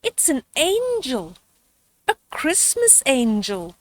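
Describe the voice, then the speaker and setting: A grandmotherly woman voicing an excited little girl mouse, squeaky and eager, in breathless exclamations for a storybook reading. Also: takes it slowly, no room sound, heavily acted. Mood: awed.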